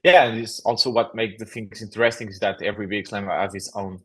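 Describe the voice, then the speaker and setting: A man's voice: on the low side, steady tone, fast talker, a bit bright, breathy edge. A man answering as a guest in a podcast interview, hesitant with many uhs and some non-native phrasing. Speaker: guest, company founder.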